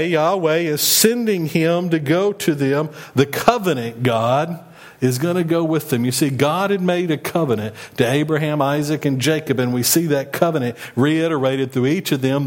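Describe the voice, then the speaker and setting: Male pastor, fairly high voice, conversational sermon delivery, acts out the quotes.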